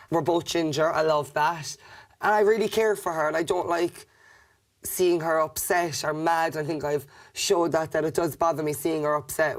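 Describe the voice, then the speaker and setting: A young Irish man in a reality-show diary room, speaking gently and affectionately about friends in the house. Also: a little high. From Ireland.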